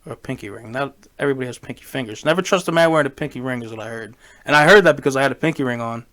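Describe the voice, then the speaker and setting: A man's voice: mid-range voice, a bit bright. A man co-hosting a podcast in casual chat, slangy and loose, often tossing in "bro" and "man". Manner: fast, slangy, peppers talk with "bro" and "man". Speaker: podcast co-host.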